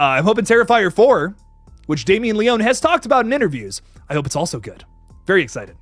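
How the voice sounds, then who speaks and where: Excitable young man, high lively voice. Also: dry recording. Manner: excitable, laughs often, stammers and restarts, swears casually. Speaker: livestream host. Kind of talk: casual live chat reading viewer messages.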